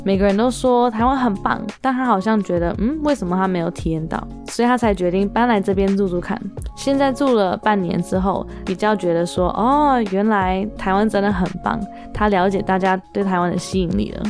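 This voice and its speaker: A woman podcast host narrating a voice-over in a steady, explanatory way. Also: medium pitch, brisk, few pauses. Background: faint music.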